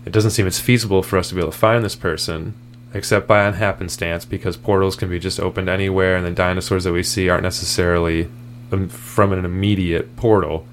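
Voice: deep voice, fairly even intonation, fast talker, a little hiss or hum. A player in a tabletop game, chatting in a jokey, casual way. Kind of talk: casual chat.

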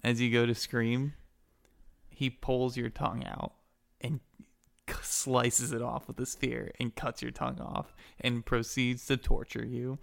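Gravelly-voiced man running a game. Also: mid-range voice, little pitch movement, a little slow. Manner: casual, crude storytelling. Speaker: game master. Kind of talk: narrating a tabletop game.

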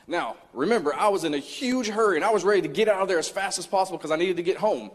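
A man's voice: sits high, very fast, few pauses. A man preaches to his congregation, turning a personal story into an earnest, conversational sermon. His voice sits a little above the usual male range. His words ring out with the long reverb of a church hall. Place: church sanctuary.

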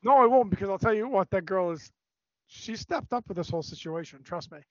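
A man on a podcast telling a long story in a casual, animated way, swearing a lot. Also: high-pitched, fairly quick, no room sound. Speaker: podcast co-host. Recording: dry, dull lo-fi recording.

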